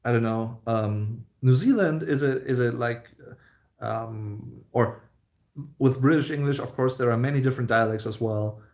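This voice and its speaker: Hosting an easygoing livestream question-and-answer chat, a man with a German accent speaks non-native English, rambling with lots of fillers and restarts. His voice has a medium pitch, a somewhat dark tone, and a moderate pace.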